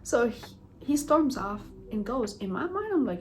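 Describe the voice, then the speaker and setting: A woman vlogger recounting a story to her viewers in a chatty, animated way, full of fillers and asides to the audience. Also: a little high, normal speed, slight background noise, low-quality recording. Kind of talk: storytime vlog.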